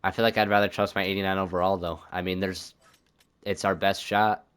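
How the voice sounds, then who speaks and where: A man's voice: sits low, little pitch movement, a little fast, a bit bright, clean tone. A young man commenting on his own hockey video game season, thinking aloud and swearing when things go wrong. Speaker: gaming YouTuber.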